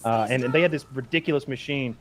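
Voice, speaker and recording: Guy guesting on a podcast, stammers and restarts a lot, animated stories. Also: mid-range voice, quick pace, crowd noise. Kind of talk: casual chat.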